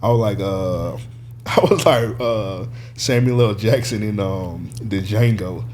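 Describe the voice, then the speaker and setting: A man's voice: on the low side, slow, a little mellow, slight background noise. A man co-hosting a casual podcast, telling a long story full of "like" and laughing as he goes. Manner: storytelling, laughing, heavy use of "like". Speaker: podcast co-host. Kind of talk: casual chat.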